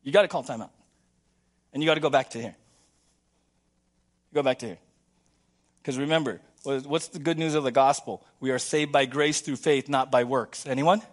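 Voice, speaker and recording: A man preaching a sermon as pastor in a church, playful and animated, acting out little scenes for the congregation. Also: medium pitch, moderate pace, pauses often. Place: church sanctuary.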